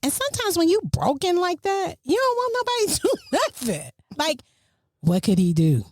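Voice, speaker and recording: A middle-aged woman hosting a casual family podcast, telling a story with lively, swinging emphasis. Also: moderate pace. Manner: animated, storytelling, swings pitch widely for emphasis. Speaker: podcast host.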